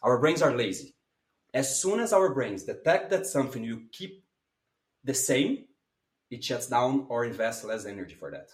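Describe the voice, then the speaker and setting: A man being interviewed as a public speaking coach, talking in a lively way with big swings in voice and some non-native phrasing. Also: mid-range voice, moderate pace. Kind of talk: animated interview talk. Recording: roomy echo.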